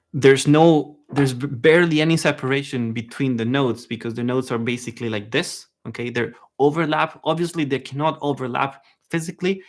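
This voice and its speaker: Chatty man teaching saxophone. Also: mid-range voice. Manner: relaxed and chatty, checks in with "okay?" and sings the phrases. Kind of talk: live online lesson.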